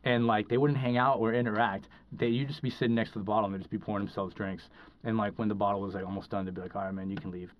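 Low-ish guy rambling thru a story on a podcast, lots of uh and like, kinda dull lo-fi audio. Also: flat delivery, quick pace. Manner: rambling, heavy with fillers and restarts. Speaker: podcast guest. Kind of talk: casual storytelling. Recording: dull lo-fi recording.

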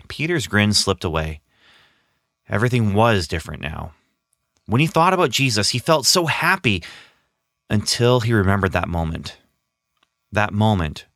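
A man narrating a children's Bible story as a scripted podcast, expressive and slowing down for dramatic moments. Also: on the low side, no echo, studio quality.

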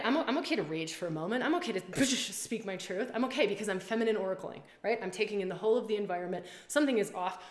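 Animated woman in an echoey room. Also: mid-range voice. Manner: animated, swears freely, repeats phrases. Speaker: women's circle and retreat leader. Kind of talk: casual live-stream talk.

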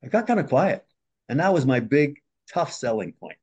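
Husky, warm-voiced man telling a story. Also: very animated, normal speed, highs cut off. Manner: earnest storyteller who acts out quotes with changes in pitch and loudness. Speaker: marriage and family therapist, podcast guest. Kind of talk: telling a client story in a podcast interview.

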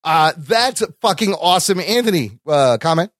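An upbeat man with a fairly high voice co-hosts a casual podcast, laughing often and swearing freely. His voice sounds dry and close. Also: animated, moderate pace, fairly bright tone, dry recording. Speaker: podcast co-host.

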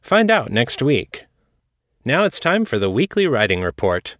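A man reading his own first-person fiction as a podcast host, steady and matter-of-fact. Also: medium pitch, measured pace, no room sound. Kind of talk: first-person story narration.

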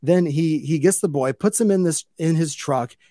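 A man casually recapping an anime episode as a podcast host, rambling with lots of fillers and restarts, growing louder and livelier when something amuses him. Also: a little high, normal speed, no room sound, clean studio sound. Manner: gets loud and animated when amused.

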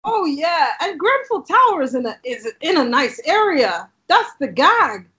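A woman who grew up in Southeast London, with an accent shaped by later years in Canada, telling her story in casual conversation, with lots of "like" fillers and quick asides. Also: high-pitched, sing-song, bright, forceful tone. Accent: London English, shifted by years in Canada. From Southeast London, England.

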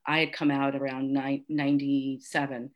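A middle-aged woman telling a personal story as an interview guest, halting and heartfelt, with many restarts and fillers. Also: a bass voice, little pitch movement, dull audio.

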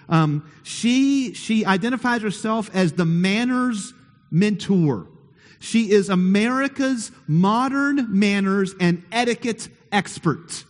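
A man preaching a sermon to his congregation in a church, playful and conversational, often asking them questions. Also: high-pitched. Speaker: pastor. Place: church sanctuary. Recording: long hall reverb.

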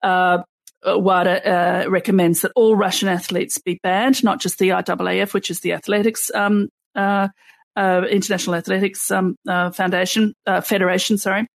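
A woman co-hosting a podcast talks through a chain of events, pausing often on fillers. Her mid-pitched voice carries a gravelly fry. The sound is close and dry, with no room around it. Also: little pitch movement, dry recording. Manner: recounts events at length with many fillers. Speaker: podcast co-host. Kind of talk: casual podcast discussion.

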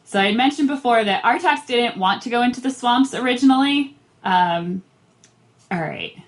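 Expressive woman podcast co-host. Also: a little high, normal speed. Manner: expressive, emotional. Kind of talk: casual chat.

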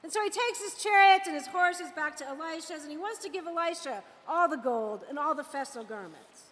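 A woman preaching a lively, conversational storytelling sermon. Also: high voice, a little fast, long reverb tail.

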